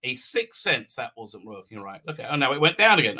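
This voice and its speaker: Guy rambling on a livestream, very bright voice, lots of ums and restarts, reads the chat, mic level jumps around. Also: mid-range voice, big pitch swings, moderate pace. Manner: rambling, many fillers and restarts; chatty, reads out viewer comments. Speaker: livestream host. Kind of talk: live-stream chat with viewers. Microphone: desk mic with unsteady level.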